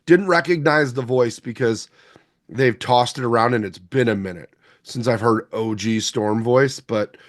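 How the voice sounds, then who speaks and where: A man's voice: mid-range voice, normal speed. A man co-hosting a podcast, giving blunt, sarcastic opinions in casual chat and swearing freely. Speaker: podcast co-host.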